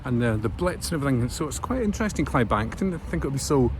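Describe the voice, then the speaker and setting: Strolling through a rainy town and its station, this Scottish travel vlogger chats away at a quick pace, very animated, with a medium-pitched voice. His casual narration rambles with plenty of fillers, and street noise comes through clearly in the outdoor recording.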